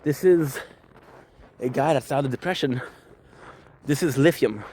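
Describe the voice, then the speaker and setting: Male vlogger, mid pitch, loose and profane, self-filmed outdoors with faint traffic noise. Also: unhurried, a little mellow. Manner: rambling, profane, self-reflective. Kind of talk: casual vlog monologue. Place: outdoors on a skateboard in the snow. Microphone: handheld camera, self-filmed. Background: faint street ambience and passing cars.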